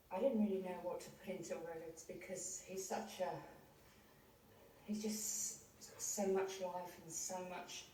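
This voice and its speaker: A middle-aged woman speaking a eulogy for her father, hesitant and halting, with many fillers and restarts. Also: fairly low pitch, a little mellow, a little hiss or hum. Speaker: daughter giving a eulogy. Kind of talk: emotional eulogy, partly unscripted. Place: crematorium chapel. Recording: echoey hall, distant mic, faint ambience.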